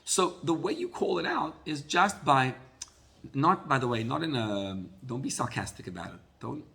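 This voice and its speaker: A man teaching a Torah class as a rabbi, telling a story in an animated way and often repeating words. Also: mid-range voice, moderate pace, creaky.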